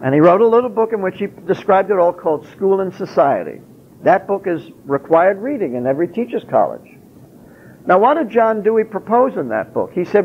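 A man's voice: high voice, sing-song, a little fast, husky. A man giving an emphatic public lecture, posing rhetorical questions and answering them himself. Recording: tinny lo-fi phone-like recording.

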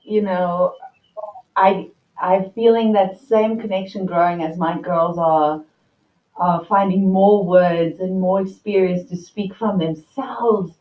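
A woman's voice: fairly low pitch, steady tone, takes it slowly. A woman hosting an interview, reacting with enthusiastic, effusive praise and chatting casually about parenting. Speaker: summit host. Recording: distant, roomy, slightly muffled.

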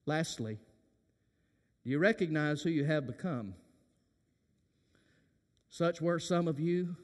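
A man preaching a sermon as senior pastor, swinging from hushed tones to impassioned shouting. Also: a little high, slow, pauses often. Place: church sanctuary during worship service. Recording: reverberant church sanctuary.

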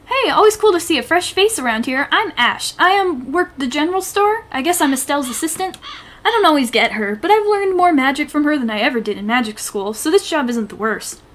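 A woman voicing a laid-back young magic shop assistant, in a slightly lowered voice. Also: expressive, brisk, fairly bright tone.

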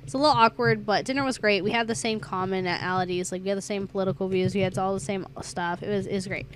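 A woman's voice: mid-range voice, little pitch movement, quick pace, a little hiss or hum. Chatty young woman, rambling storytime. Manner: rambling, chatty, easily sidetracked by the game. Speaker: gaming streamer. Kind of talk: casual storytelling while gaming live.

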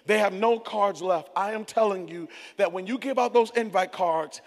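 A male pastor preaching a sermon, telling a funny personal story and then rising into loud, fervent preaching. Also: high-pitched, moderate pace, few pauses. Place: church auditorium. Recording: reverberant church hall.

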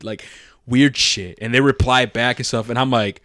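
A man's voice: medium pitch, normal speed, dry recording, clean studio sound. A young man co-hosting a podcast, chatting casually, telling stories animatedly with frequent laughter and swearing. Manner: animated storyteller, laughs often, swears a lot. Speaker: podcast co-host. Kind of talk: casual chat.

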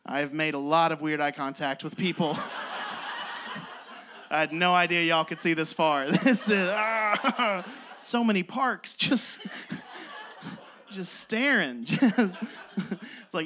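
Stand-up guy, young, high and bright tone, exasperated self-deprecating bits, stage mic in a club. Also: a little slow, long pauses, a little hiss or hum. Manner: exasperated, self-mocking storytelling with frequent laughs. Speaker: stand-up comedian. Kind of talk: stand-up comedy set. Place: comedy club stage with live audience.

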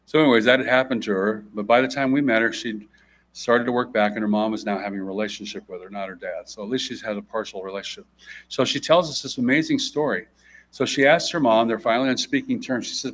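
A man preaching a sermon as a guest speaker, urgent and emphatic, swinging between loud rises and quiet drops, and acting out quoted people in raised voices. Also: lowish voice, quick pace.

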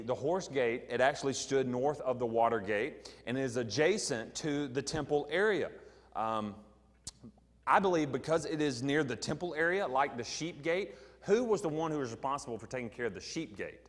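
A man's voice: medium pitch, long reverb tail. A middle-aged man with a Southern American accent, a pastor teaching an evening Bible sermon in a conversational way, asking the congregation questions and using frequent ums. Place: church sanctuary.

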